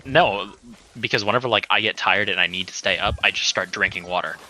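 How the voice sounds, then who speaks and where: A man's voice: lowish voice, a little fast, bright, forceful tone, a little hiss or hum, poor audio. A man streaming a game live, rambling and teasing in casual chat, often restarting his sentences.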